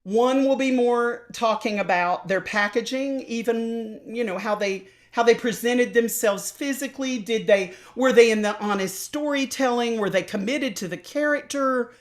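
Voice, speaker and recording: Animated older Southern woman telling stories. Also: a little high, normal speed, hardly any pauses. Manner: animated storyteller, acts out quoted voices. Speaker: opera singer and voice teacher, guest. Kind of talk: casual interview over video call. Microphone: video call.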